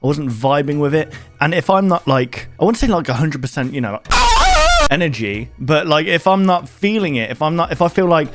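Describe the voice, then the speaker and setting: A man's voice: on the high side, expressive, fairly quick, soft background music. A young man hosting a casual reaction video, rambling and poking fun at himself as he reads on-screen text aloud.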